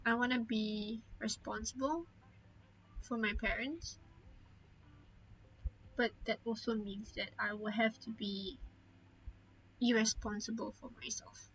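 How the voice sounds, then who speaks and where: A woman's voice: on the high side, fairly even intonation, slow pace, long pauses, fairly bright tone, muffled recording, slight background noise. A young woman streamer chatting candidly and openly, holding back tears, trailing off often with fillers. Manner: open, heartfelt, trailing off with many fillers. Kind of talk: candid casual chat.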